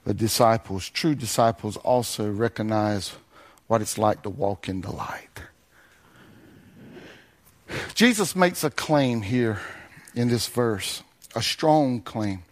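A man preaching a sermon, swinging between sing-song swells and low quiet passages. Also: unhurried.

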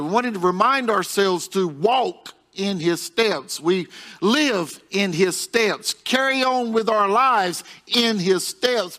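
A man's voice: high voice, bright, forceful tone. A male pastor preaching a sermon in a folksy, repetitive way, chuckling at his own jokes.

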